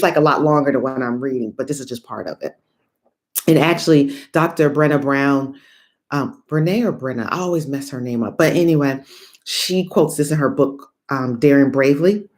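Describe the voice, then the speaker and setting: Animated chatty woman cheering on viewers. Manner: laughs and breaks into big high whoops. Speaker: motivational speaker. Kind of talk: motivational livestream talk.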